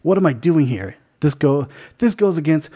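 A man's voice: on the high side, lively intonation, normal speed, warm tone, husky. A man putting on the muttering voice of a frustrated, weary older village leader. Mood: exasperated.

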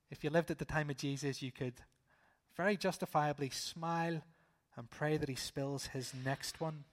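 A middle-aged man, preaching a sermon and putting rhetorical questions to the congregation, swinging between loud emphasis and hushed asides. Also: on the high side.

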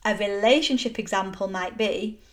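A woman's voice: medium pitch, moderate pace. Middle-aged woman, solo self-help podcast host, earnest and encouraging, punchy emphasis. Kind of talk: solo motivational podcast talk.

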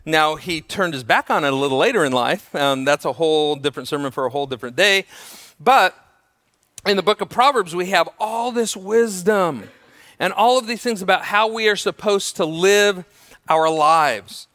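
A male pastor preaching a sermon, telling stories in an animated way and acting out the voices of the people he quotes. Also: high voice, moderate pace, in a large hall.

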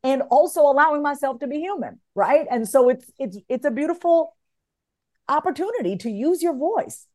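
A woman's voice: high voice, lively intonation, normal speed, dark tone. A woman from the United States, a guest on a podcast, talking frankly and with energy and swearing casually.

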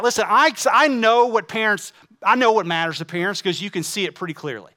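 A pastor preaching to his congregation in a high, bright voice. He fires off rhetorical questions and swings from loud, emphatic lines to hushed, close asides. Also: a little fast. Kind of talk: sermon.

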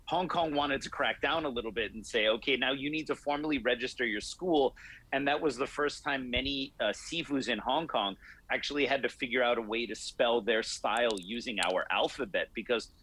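A man who teaches martial arts, answering interview questions in a measured, explanatory way. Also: medium pitch, pushed and bright, low-quality recording. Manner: explanatory, measured, laughs easily.

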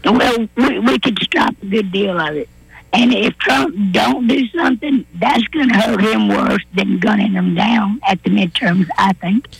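A hoarse woman calling in to a talk radio show, earnest and folksy. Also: medium pitch, unhurried, dry recording, low-quality recording. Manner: earnest, repeats questions, folksy. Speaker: caller. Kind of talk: call-in phone chat.

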